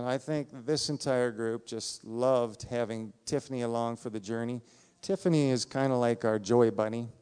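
A man addresses his church, his voice smooth and clear at an ordinary middle pitch. He talks with eager warmth, peppered with little fillers. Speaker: church trip leader. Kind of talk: church service announcement.

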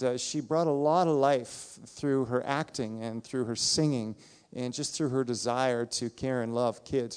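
A man addresses his church, his voice smooth and clear at an ordinary middle pitch. He talks with eager warmth, peppered with little fillers. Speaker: church trip leader. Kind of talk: church service announcement.

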